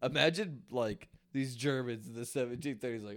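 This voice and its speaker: A man co-hosting a casual podcast, telling a folklore story in an animated, profane way and laughing often. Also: medium pitch, normal speed. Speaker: podcast co-host.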